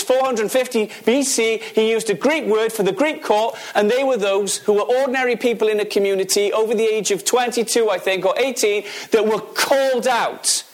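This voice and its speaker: A man delivering a sermon in a notably high voice. He preaches emphatically, firing questions at his listeners and repeating key phrases to drive them home.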